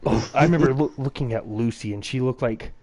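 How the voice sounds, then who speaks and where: A man's voice: medium pitch, fast, a little mellow. Rambling, swearing young-sounding streamer guy. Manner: rambling, heavy swearing, lots of filler "like". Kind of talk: casual chat while gaming.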